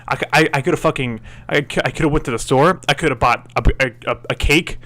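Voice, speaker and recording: A man's voice: medium pitch, fast, sharp tone. Cursing, stammering man reviewing games. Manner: profane and exasperated, stammers and restarts. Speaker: game reviewer. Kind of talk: ranting game review voice-over.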